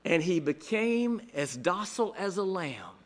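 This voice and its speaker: A preacher doing a folksy boasting priest. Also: male voice, sits high, sing-song, unhurried. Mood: boastful. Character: male Catholic priest boasting of taming a bear.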